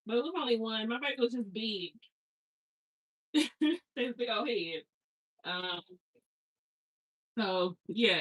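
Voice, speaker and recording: A woman's voice: mid-range voice, sharp tone, poor audio. A woman in her thirties, a hair stylist, chatting casually and telling rambling family stories with slangy asides while she unpacks. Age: 30s.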